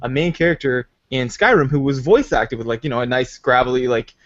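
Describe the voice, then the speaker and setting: A man hosting a podcast, chatting excitedly and rambling about video games. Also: medium pitch, a little fast, lo-fi sound. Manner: excitable, rambling gamer talk. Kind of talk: casual chat.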